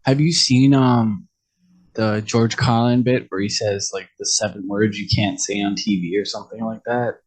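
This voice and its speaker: A man's voice: lowish voice, steady tone, moderate pace. A man who is a guest on a casual podcast chat, speaking in an easygoing way and chuckling often.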